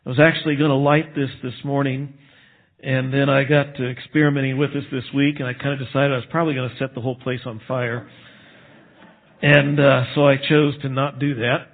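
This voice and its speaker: A man from Texas, a pastor, preaching a sermon in a conversational way and slowing down to stress key phrases. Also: medium pitch, flat delivery. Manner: conversational preaching, slows for emphasis. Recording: phone-like narrow band.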